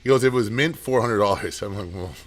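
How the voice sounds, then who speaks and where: A man who owns a comic shop, running a live auction and telling rambling shop stories in casual chat. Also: lowish voice. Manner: rambling storyteller, quick asides.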